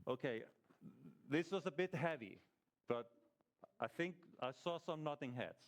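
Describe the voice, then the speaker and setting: A man's voice: on the high side, animated, a little slow. Man teaching a small church group. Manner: conversational, asks the group rhetorical questions, frequent restarts.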